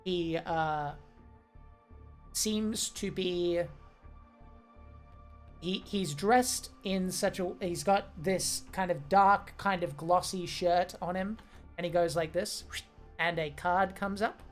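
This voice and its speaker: A woman narrating as game master of a tabletop game, describing scenes with many pauses and fillers. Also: on the low side, steady tone, faint music behind.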